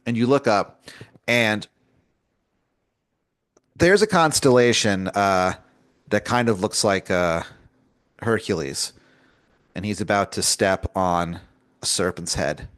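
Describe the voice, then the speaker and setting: A man's voice: on the low side, slow pace, pauses often, fairly bright tone, no echo, clean studio sound. A man improvising a comedy story, talking in a loose, rambling way with lots of fillers.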